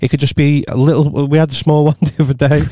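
A man's voice: on the high side, flat delivery, quick pace, mellow, dry recording. A young man co-hosting a comedy podcast, chatting casually, swearing freely and laughing often. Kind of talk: casual chat.

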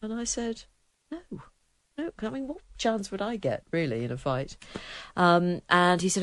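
English woman co-host, middle-aged, mid-pitched, wry anecdotes, dry studio sound. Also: normal speed, no room sound. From England. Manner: wry, self-deprecating storytelling. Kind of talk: casual chat, anecdote telling.

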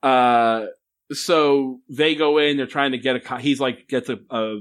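A man's voice: mid-range voice, unhurried. A man casually recapping a film on a podcast with a co-host, swearing often, laughing, and acting out lines from scenes. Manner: animated, profane, laughing, acts out lines from scenes. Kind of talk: casual profane chat.

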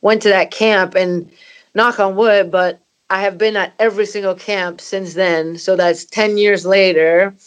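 Woman, 30s, from Canada, interview guest, candid personal storytelling, frequent fillers, slightly low pitch. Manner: candid and emotional, many "you know" fillers. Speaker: footballer guest.

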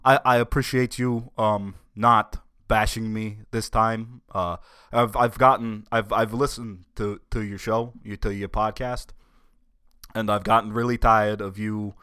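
A man's voice: fairly low pitch, fairly even intonation, unhurried, pushed and bright, smooth, no room sound, studio quality. A man doing an impression of an elderly male politician who rambles, stammers and trails off. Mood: rambling.

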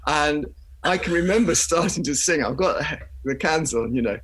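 A man's voice: a little high, lively intonation, normal speed, a bit bright, breathy edge. An older man, a musician guest, telling chatty anecdotes in an interview and laughing as he goes. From England.

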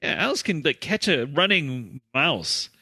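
A man's voice: a little high, very animated, slow, pushed and bright, slightly rough, no room sound. A man co-hosting a comedy podcast, talking in a laid-back, casual way with lots of fillers. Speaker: podcast co-host. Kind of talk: casual chat.

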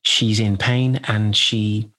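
A man being interviewed as a guest actor, telling a story in a halting, reflective way and acting out the quotes. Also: fairly low pitch, level tone, a bit bright.

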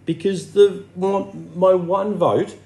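A man co-hosting a podcast in casual chat, animated and jokey with swearing. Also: high voice, takes it slowly, vocal fry. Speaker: podcast co-host. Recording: echoey room.

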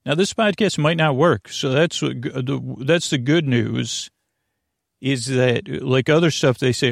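A man hosting a sleep podcast, talking in a slow, meandering bedtime monologue that keeps drifting off topic and interrupting itself. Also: mid-range voice, gravelly, no echo, clean studio sound. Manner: meandering, self-interrupting, soft-spoken.

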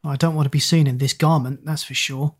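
A woman's voice: low voice, steady tone, a little fast, husky. A woman voicing a male talking doll, teasing and dry. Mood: wry. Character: wry talking doll, gloomy male friend.

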